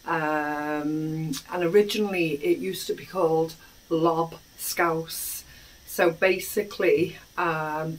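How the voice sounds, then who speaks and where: A woman hosting a home cooking video, explaining a recipe in an unhurried way with plenty of ums, in her kitchen. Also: fairly low pitch. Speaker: cooking channel host. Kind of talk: casual cooking demonstration. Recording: voice distant from the mic.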